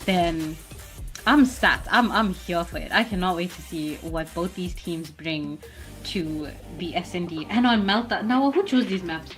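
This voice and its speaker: A woman casting a live esports match, playful in banter and quick in her play-by-play calls. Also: lowish voice, expressive, over music, low-quality recording. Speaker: esports caster.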